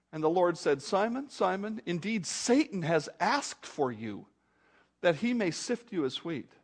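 A high-pitched man preaching from the pulpit. His delivery rises and falls sharply in loudness, dropping to near murmurs and then bursting out almost to a shout. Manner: dynamic, swings between quiet asides and loud outbursts. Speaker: pastor. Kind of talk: expository sermon.

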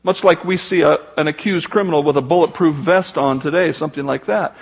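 A man's voice: a little high, fairly quick, vocal fry, breathy edge. A man preaching a sermon as pastor, talking conversationally with joking asides to the congregation.

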